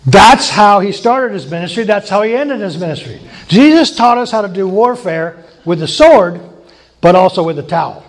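Casual preacher guy, kinda high voice, chuckles, repeats stuff for emphasis. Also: big pitch swings, moderate pace. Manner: conversational, chuckling asides, emphatic repetition. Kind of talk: informal sermon teaching.

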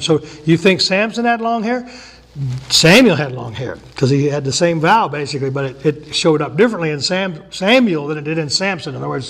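Male pastor with a fairly high voice, loose and folksy delivery, acts out the Bible characters. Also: gravelly. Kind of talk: sermon.

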